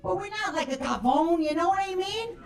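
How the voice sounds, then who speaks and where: A woman's voice: very high-pitched, lively intonation, brisk. A woman doing a brash, profane stand-up set in a comedy club, acting out the voices of the people in her stories. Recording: roomy club sound from a distance with crowd.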